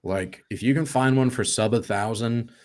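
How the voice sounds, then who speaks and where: A man's voice: medium pitch, normal speed, a little mellow. A man co-hosting a live podcast in an easygoing, casual way, often laughing. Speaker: podcast co-host.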